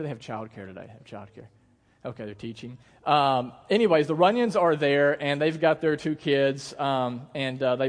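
Man, pastor, sermon, casual storytelling, congregation asides, slightly high voice, long church reverb. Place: church sanctuary.

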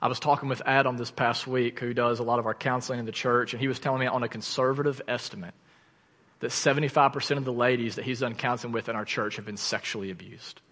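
A man in his thirties preaching a sermon, telling a personal story in an earnest, animated way that falls to quiet intensity. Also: mid-range voice, fast. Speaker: pastor. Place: church sanctuary. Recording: church hall reverb.

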